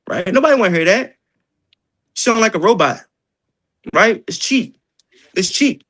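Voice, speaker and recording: High-voiced animated man leading sales training. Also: a little slow, long pauses. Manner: animated, joking, acts out doorstep exchanges. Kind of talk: energetic sales training talk.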